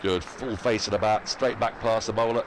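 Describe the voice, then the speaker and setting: A man's voice: lowish voice, fairly even intonation, normal speed, background noise. A man giving live cricket commentary in a chatty way, laughing often and reading out listener emails between the play.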